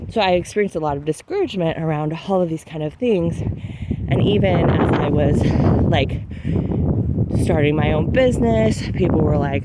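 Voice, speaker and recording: Chatty woman podcaster, candid and animated. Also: deep voice, moderate pace, slight background noise. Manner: candid, chatty, heavy use of "like". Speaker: podcast host. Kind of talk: casual reflective monologue.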